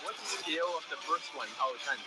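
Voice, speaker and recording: A man's voice: on the high side, fast talker, poor audio. A man who coaches dating, giving casual, matter-of-fact commentary over footage. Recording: voice over loud music.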